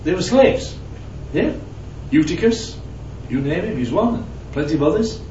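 Distant preacher in an echoey hall. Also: male voice, high-pitched, animated, a little slow, dark tone, slight background noise. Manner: conversational, asks the audience questions and tells anecdotes. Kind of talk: sermon. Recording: roomy, distant, dull lo-fi sound with faint ambience.

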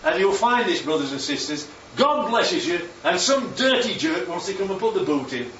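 A man's voice: high-pitched, normal speed, slight background noise. Male preacher, slightly raised voice, distant dull echoey recording, prompts the room often. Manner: lively, peppers talk with "Right?" and "Yeah?". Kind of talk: sermon. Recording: echoey, distant, dull sound with faint ambience.

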